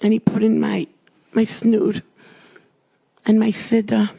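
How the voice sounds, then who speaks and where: A woman giving an emotional personal testimony, swinging from loud cries to hushed whispers. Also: on the high side, monotone, takes it slowly, gravelly, slightly rough. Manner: dramatic, rises to cries and drops to whispers. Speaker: storyteller recounting a hospital ordeal.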